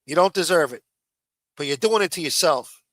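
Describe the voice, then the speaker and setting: Blunt, profane New ranter. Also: male voice, fairly high pitch, expressive, moderate pace, fairly bright tone, no echo. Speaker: livestream host. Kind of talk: profane ranting commentary.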